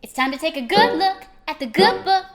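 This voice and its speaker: A woman's voice: extremely high pitch, lively intonation, fairly quick, pitched above the performer's own voice. A woman putting on a sing-song announcer voice for a show intro jingle. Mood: chirpy. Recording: loud music under voice, distant.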